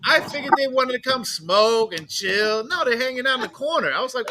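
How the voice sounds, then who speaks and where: A man's voice: very high voice, expressive, fast talker, few pauses, sharp tone, slight background noise. A man hosting a casual talk show, telling stories animatedly and swearing freely. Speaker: host. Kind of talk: casual chat.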